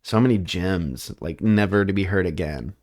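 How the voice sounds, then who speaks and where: A man hosts a loose, casual podcast chat with a friend, laughing often. His voice sits somewhat low, and he bursts into loud comic bits and impressions. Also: expressive, normal speed. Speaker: podcast host.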